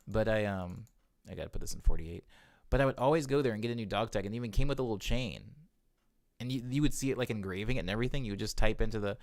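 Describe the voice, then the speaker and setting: Gravelly, chatty young man producer. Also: on the low side, rapid-fire, no room sound, clean studio sound. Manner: rambling, chuckles between thoughts, self-correcting. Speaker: music producer streaming. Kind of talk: casual chat while producing music. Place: home music studio.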